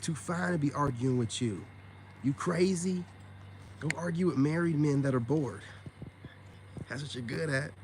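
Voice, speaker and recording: A man's voice: fairly high pitch, a little slow, long pauses, a little mellow, slight background noise. A man on a casual livestream, talking bluntly and with profanity straight to his viewers, peppering his speech with "man" and "you know what I'm saying.". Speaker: online self-help streamer.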